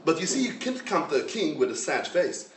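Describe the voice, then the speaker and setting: A man, a rabbi giving a Torah lecture in English, his language being Hebrew, with an emphatic, animated storytelling manner. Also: fairly high pitch, brisk. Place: lecture room. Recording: roomy echo, mic at a distance.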